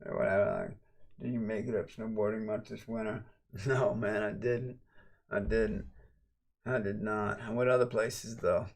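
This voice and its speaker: A man livestreaming a late-night casual chat. He rambles and swears, and swings from low mumbles to loud, excited shouts. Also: normal speed, gravelly.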